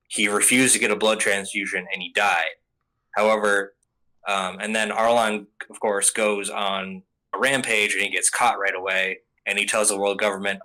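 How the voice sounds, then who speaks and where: A man's voice: on the low side, little pitch movement, moderate pace, pushed and bright, poor audio. A young adult man hosting a casual review show, rambling through a recap with many fillers and some swearing. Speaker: podcast host.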